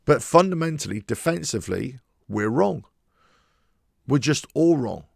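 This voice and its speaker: Gravelly man, emphatic rant. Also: mid-range voice, animated, a little slow, no room sound, studio quality. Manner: emphatic, repetitive, frustrated. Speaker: football fan channel host. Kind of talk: opinionated solo commentary.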